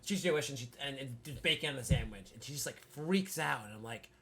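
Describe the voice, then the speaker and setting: A man's voice: mid-range voice, animated, fast talker. A young man co-hosting a comedy podcast, joking, swearing freely and laughing often as he spins out bits. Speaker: podcast co-host. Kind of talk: casual comedic chat.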